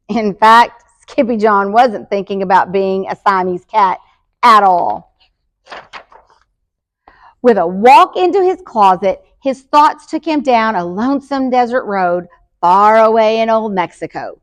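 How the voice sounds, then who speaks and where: A woman school librarian reading a children's picture book aloud in a lively, expressive way. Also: mid-range voice, unhurried.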